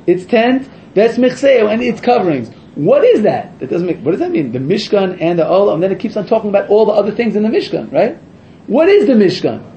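A man teaching a Torah lesson to a class, excitable and full of rhetorical questions, often correcting himself mid-sentence. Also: sits high, dull audio, slight background noise.

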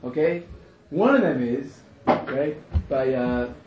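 Lively man lecturing a class. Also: mid-range voice, slow pace. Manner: animated, repeats phrases, chuckles at own jokes. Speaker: teacher. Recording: echoey room, muffled, faint hiss.

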